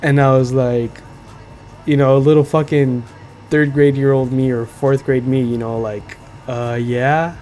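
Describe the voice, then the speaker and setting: A young man tells a story on his podcast in a loose, profane way. His talk is full of "like" and "you know," and he keeps checking in with the listener. His pitch sits at a plain middle height for a man. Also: little pitch movement, moderate pace, dark tone, faint music behind. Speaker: podcast host. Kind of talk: casual storytelling.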